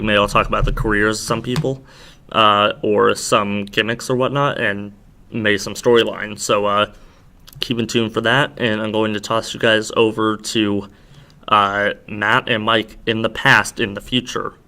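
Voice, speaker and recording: A man's voice: lowish voice, little pitch movement, measured pace, bright, forceful tone. A young man hosting a podcast, rambling through a wrestling recap with lots of fillers, tired and slurring a little. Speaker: podcast host. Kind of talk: casual solo recap.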